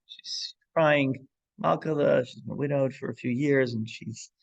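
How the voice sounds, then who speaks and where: A man leads a relaxed Torah class. His voice is gravelly, and the recording sounds close and dry. He wanders through a story with restarts and asides and drops Hebrew and Yiddish phrases into his English. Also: mid-range voice, measured pace, no echo, lo-fi sound. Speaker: rabbi teaching a class.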